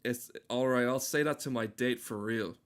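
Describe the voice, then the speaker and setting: A man's voice: medium pitch, normal speed. A man streaming a game, talking casually with his chat in a rambling, joking way, swearing often and breaking off his own sentences. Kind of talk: casual gaming stream commentary.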